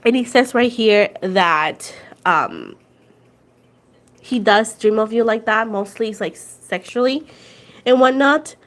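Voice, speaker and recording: Slow and animated, her voice on the high side, a Puerto Rican tarot livestreamer in her twenties chats casually with viewers. She laughs frequently and code-switches between Spanish and English.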